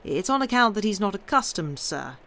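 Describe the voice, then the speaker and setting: A woman's voice: medium pitch, big pitch swings, fairly quick, fairly bright tone. A woman doing a fawning petty official. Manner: obsequious, adds "sir" constantly.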